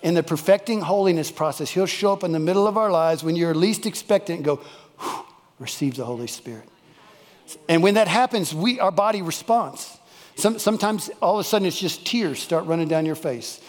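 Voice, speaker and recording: A man's voice: high voice, brisk, long reverb tail. A male pastor, preaching a folksy, emphatic sermon and repeating key phrases for weight. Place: church worship service.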